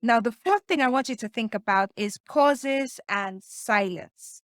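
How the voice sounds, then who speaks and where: A woman's voice: fairly high pitch, measured pace, dry recording, studio quality. A woman giving an instructional talk as a communication coach, emphatic and shifting her pace to make her points. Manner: emphatic, varies pace to demonstrate.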